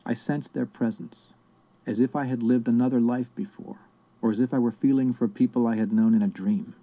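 A man narrating a book in the first person in a measured, reflective way. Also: mid-range voice, steady tone, narrow, tinny audio. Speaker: audiobook narrator.

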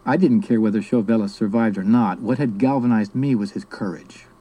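A man from South America reading his memoir aloud in a steady, measured storytelling manner. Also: fairly low pitch, low-quality recording. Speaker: narrator.

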